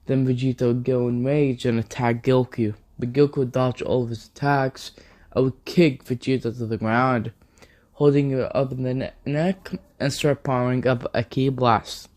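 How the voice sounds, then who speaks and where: A man tells an improvised fan story in a rambling way, chaining event after event. His delivery is slow and unhurried. His voice has a mellow, darkish warmth. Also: mid-range voice. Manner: rambling, strings events together with "then". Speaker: video narrator.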